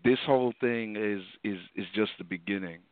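A man on a radio chat show, giving his thoughts with halting speech and many fillers. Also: on the low side, smooth, no echo. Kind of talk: radio talk commentary. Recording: dry phone-like sound.

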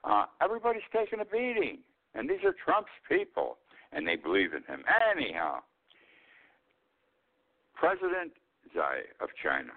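A man's voice: mid-range voice, huge pitch swings, normal speed, creaky, long pauses. A man in his eighties, an older host giving a blunt, rambling monologue of political commentary. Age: 80s. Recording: tinny phone-like line.

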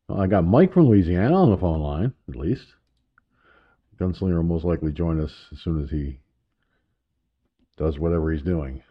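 A man's voice: deep voice, lively intonation, normal speed, long pauses, slightly rough. A man hosting a casual internet talk radio show, rambling and self-amused with chuckling asides. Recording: muffled lo-fi internet radio audio.

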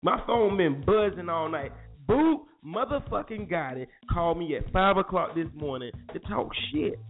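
A man hosting a morning show, ranting about sports in a heated, profane, repetitive way. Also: high-pitched. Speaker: show host. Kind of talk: casual sports rant. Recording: tinny phone-like audio with faint music.

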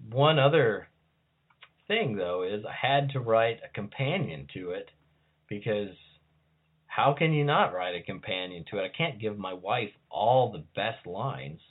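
A man's voice: on the low side, animated, unhurried, breathy edge. A man with a scratchy voice talking casually as a podcast guest, at times reading ritual verses solemnly. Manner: reads liturgy in a raised, solemn voice. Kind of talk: casual talk and liturgy reading. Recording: tinny phone-like line.

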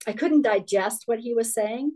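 A woman's voice: a little high, moderate pace, mellow, low-quality recording. A middle-aged woman from Denmark, a guest telling her life story in an interview, candid and rambling with restarts. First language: Danish.

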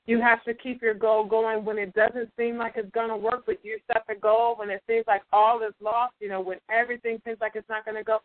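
On a motivational talk show, a female co-host with a higher-pitched voice makes her points forcefully and leans on the word "absolutely" a lot. Her audio comes over a dry phone line, free of any room sound.

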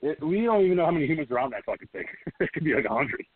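A man's voice: on the high side, sing-song, rapid-fire, husky, no echo. A man co-hosting a casual podcast, joking crudely and swearing heavily. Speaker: podcast co-host. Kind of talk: casual chat. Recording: dry, tinny phone-like sound.

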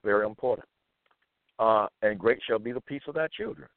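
A man reading scripture verses aloud and commenting on them, slowly repeating phrases with fillers between them. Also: fairly low pitch, no room sound. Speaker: self-styled preacher. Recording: tinny phone-like line.

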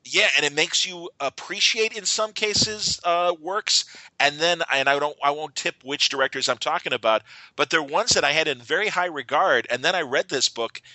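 A man's voice: a little high, moderate pace, pushed and bright, no echo, rough recording. A man hosting a podcast, telling rambling stories in casual chat with lots of restarts. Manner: rambling storyteller with many restarts and fillers. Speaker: podcast host.

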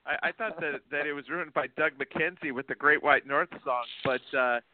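A man with a somewhat high voice ribs his co-host in a casual hockey chat. He stumbles a little as he asks his questions. His voice comes through a tinny, phone-like line. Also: moderate pace. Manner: teasing, hesitant. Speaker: podcast co-host. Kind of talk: casual sports talk.

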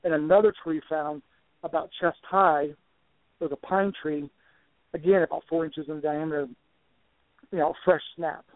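An older man telling a long story as a guest on a talk show, animated and often restarting his words. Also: fairly high pitch, moderate pace, long pauses, no room sound. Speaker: guest researcher. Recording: tinny dry phone line.

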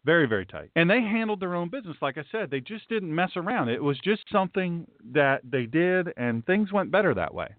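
A man's voice: on the high side, big pitch swings, fairly quick, hardly any pauses, dry recording. A man who hosts a show as a pastor, teaching scripture in a folksy, emphatic way and talking straight to his viewers. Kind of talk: livestream Bible teaching. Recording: tinny phone-like dry sound.

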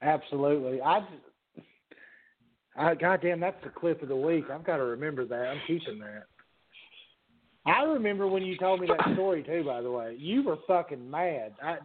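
A man's voice: fairly high pitch, expressive, normal speed. A man hosting a podcast in casual, profane chat, rambling and laughing as he swears freely. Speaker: podcast host. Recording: phone-like narrow sound.

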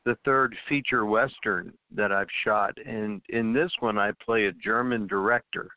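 A man's voice: lowish voice, fairly even intonation, measured pace, no room sound. A man, an actor guest, chatting casually about his projects and laughing often. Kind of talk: casual interview chat. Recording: dry, phone-like call audio.

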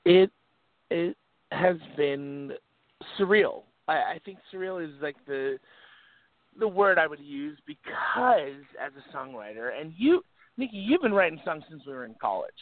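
A young adult man, a singer, chatting as a guest in a casual interview, halting with many restarts. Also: on the high side, very animated, no room sound. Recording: tinny phone-like line.

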